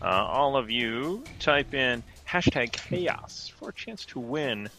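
A man's voice: medium pitch, animated, slow pace, bright, forceful tone, soft background music. A man hosting a live stream, chatting casually and joking with viewers. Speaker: stream host.

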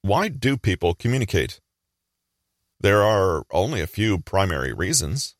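A man giving a measured, explanatory scripted narration. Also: low-pitched, very animated, no echo, clean studio sound.

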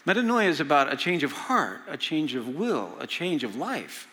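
A man's voice: fairly high pitch, big pitch swings, moderate pace, pushed and bright. A man in his sixties, a senior pastor, preaching a sermon in a folksy storytelling way with frequent filler sounds. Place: large church hall. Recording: long reverb of a large hall.

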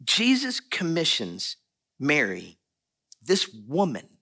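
Lively, bright-voiced male pastor preaching. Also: high-pitched, moderate pace. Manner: animated, conversational preaching with asides and laughs. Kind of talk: sermon.

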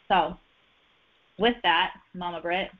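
A woman's voice: lowish voice, fairly even intonation, slow pace. A woman giving a casual personal reading, chatty and full of fillers and restarts. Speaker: human design reader. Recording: dull lo-fi sound.

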